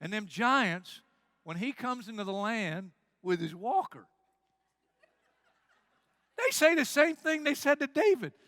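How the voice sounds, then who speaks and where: A man's voice: very high voice, measured pace, long pauses, no room sound. A man preaching a sermon as pastor, telling stories with energy and acting out the quoted lines. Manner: animated storytelling, acts out quotes.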